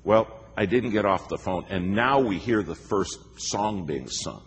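In a church sanctuary, a middle-aged preacher tells stories emphatically, performing the quotes within them. He has a lowish voice with lively intonation and an unhurried delivery. The sound is reverberant, with faint noise.

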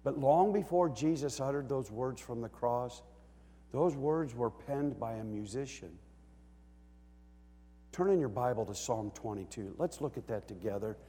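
A man preaching a sermon as a pastor, swinging from quiet talk to loud bellowing as he acts out a psalm writer's cries. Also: medium pitch, lively intonation, unhurried, big-room sound.

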